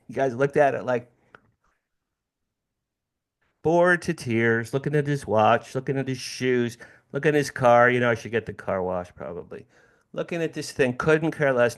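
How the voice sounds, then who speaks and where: Man, 60s, from New Jersey; guest speaker, lively storyteller who repeats key phrases and addresses the room. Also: medium pitch. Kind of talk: personal storytelling talk.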